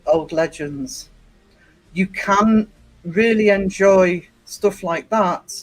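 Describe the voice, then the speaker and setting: A man's voice: on the high side, no room sound, poor audio. A man hosting a livestream, chatting casually with viewers and rambling with many fillers and restarts. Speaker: livestream host. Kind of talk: casual live chat with viewers.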